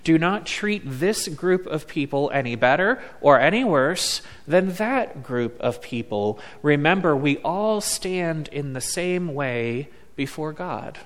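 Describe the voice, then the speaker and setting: A man preaching a sermon as a pastor, slow and deliberate, leaning on words with emphatic pauses. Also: fairly high pitch, expressive. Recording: long reverb of a large hall.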